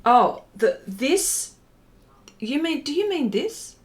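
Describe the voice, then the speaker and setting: A woman hosting a live art stream, answering viewer questions in a halting, emotional way and laughing between words. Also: sits high, sing-song, a little hiss or hum. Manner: slow, halting and emotional, trying not to cry, laughing. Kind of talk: chatty live stream while painting, reading viewer questions.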